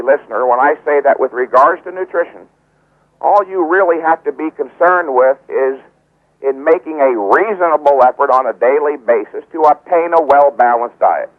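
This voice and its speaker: A man's voice: a little high, moderate pace. A man who trains bodybuilders, a guest on a radio interview, lecturing emphatically and repeating his key points. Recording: tinny phone line.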